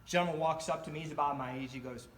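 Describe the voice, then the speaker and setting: A middle-aged man telling a personal story in a club speech, animated and acting out the voices of the people in it. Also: on the high side, fast, a little hiss or hum. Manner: animated, acts out quoted voices. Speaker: club speaker.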